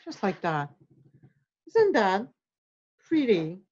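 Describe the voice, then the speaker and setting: A woman guides a drawing lesson, encouraging her students as she draws. Her voice is mellow and warm. The recording sounds somewhat dull. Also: mid-range voice, sing-song, slow pace. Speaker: art instructor.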